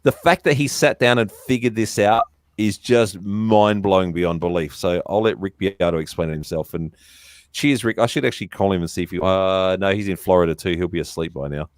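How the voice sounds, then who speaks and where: A man hosting a livestream chat, excited and full of quick restarts. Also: low-pitched, dry recording, studio quality. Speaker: livestream host.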